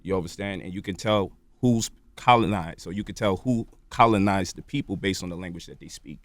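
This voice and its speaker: A man with a deep voice speaks a little fast as a guest in a radio studio, in a dry recording. He explains things at length in a lecturing interview style, dropping in "right?" and "you feel me?" to check in.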